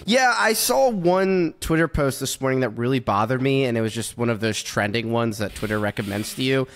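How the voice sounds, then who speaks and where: A man co-hosting a podcast, teasing and animated in casual chat. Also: mid-range voice, fairly quick. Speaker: podcast co-host.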